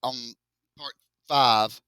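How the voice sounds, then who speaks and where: Male math teacher, slow and dry, jokey with students. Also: mid-range voice, steady tone, bright, forceful tone, clean tone, no room sound. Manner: casual, joking, talks to students as y'all. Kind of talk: classroom lecture working through a test. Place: classroom.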